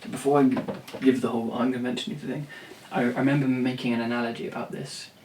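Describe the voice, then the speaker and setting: A man's voice: mid-range voice, flat delivery, fast talker, a little mellow, slight background noise. Blunt, rambling man, roomy and distant. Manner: rambling, blunt, swears freely, many restarts. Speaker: songwriter and vlogger. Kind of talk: rambling talk to camera. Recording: roomy, distant from the mic, faint ambience.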